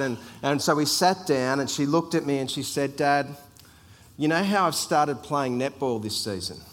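A man's voice: mid-range voice, fairly bright tone. A middle-aged man from a church ministry team, telling a chatty, anecdotal story as part of a sermon. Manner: chatty, anecdotal, repeats words. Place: church hall. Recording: long hall reverb.

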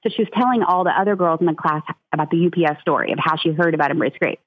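A woman's voice: deep voice, very fast, no room sound. A woman who founded a ministry, telling heartfelt stories as a guest in an interview. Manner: earnest, heartfelt storytelling. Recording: tinny phone line.

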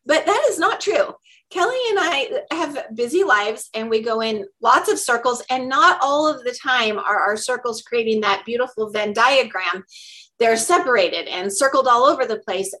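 A woman with a high, bright voice co-hosts a casual podcast. She tells her story in a chatty, animated way. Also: poor audio. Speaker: podcast co-host. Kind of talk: casual chat.

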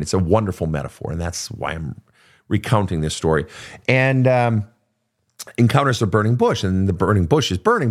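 An older man hosting an advice show, talking casually and profanely, acting out quotes from clients as he tells stories. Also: fairly low pitch. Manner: animated, profane, storytelling with acted quotes. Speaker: podcast host and therapist.

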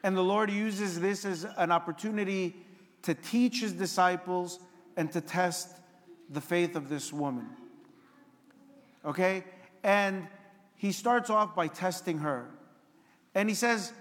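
Male priest, high-pitched, chatty sermon delivery, echoey church. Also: measured pace, fairly bright tone. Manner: conversational, asks the congregation questions.

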